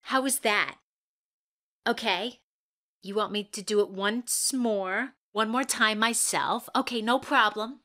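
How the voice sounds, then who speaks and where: A woman's voice: mid-range voice, slow, pushed and bright. A woman performing an eager young actress at an audition in an audio play monologue, dramatic and swinging between whispers and outbursts.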